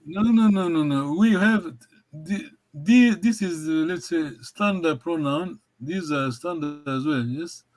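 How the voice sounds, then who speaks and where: A man's voice: on the high side, unhurried, a little mellow, rough recording. A man teaching a language over a video call, encouraging and repetitive, often laughing. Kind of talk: online language lesson.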